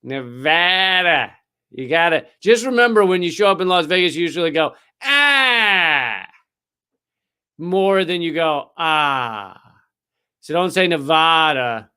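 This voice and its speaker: Male stream host, high clear voice, sarcastic and profane rant delivery. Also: lively intonation, moderate pace, sharp tone. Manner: sarcastic and profane, with frequent fillers. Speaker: livestream host. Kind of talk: ranting commentary.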